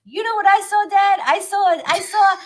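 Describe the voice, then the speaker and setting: Fussy nine-year-old boy, high squeaky voice, eager stammer, woman doing the voice. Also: fairly even intonation, normal speed, a bit bright. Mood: eager chatter.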